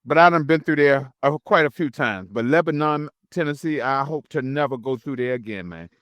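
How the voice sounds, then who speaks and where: A man's voice: mid-range voice, a little fast, no echo. A middle-aged man, co-hosting a podcast and telling a road story casually, acting out the people in it. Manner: animated, acts out voices in his story. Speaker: podcast co-host, truck driver.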